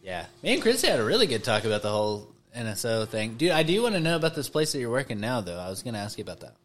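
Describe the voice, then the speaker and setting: A man's voice: mid-range voice, sing-song, rapid-fire, a bit bright. A man hosting a podcast in casual chat, upbeat and joking, full of "dude" and "bro". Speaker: podcast host.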